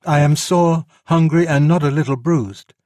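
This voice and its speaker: Man doing eager jungle boy, storybook reading, high, dry close sound. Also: moderate pace, warm tone, no room sound, natural voice. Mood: earnest. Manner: eager, raised voice. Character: young boy raised by wolves, earnest.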